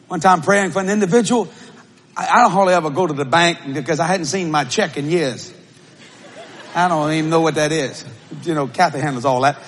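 A man preaching a sermon and telling a story, with shouted bursts and laughing asides. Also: a little high, breathy edge. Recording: live audience, faint crowd noise.

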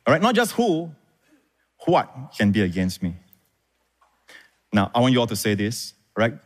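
Male pastor, emphatic call-and-response preaching, lively delivery, echoing hall. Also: mid-range voice, a little slow. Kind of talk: sermon. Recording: reverberant hall.

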